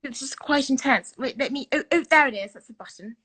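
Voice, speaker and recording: A young woman with a British accent, high and bright in pitch, talking over a video call from her home. She is bubbly and giggly, gushing as she chats with the host. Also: a little fast. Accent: British English. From England. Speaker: guest, reality show contestant. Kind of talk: casual video-call chat.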